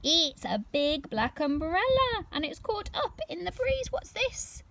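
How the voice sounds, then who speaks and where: A woman with a very high voice, a nursery teacher, reads a picture book aloud to young children. She is animated and expressive and pauses to ask them questions.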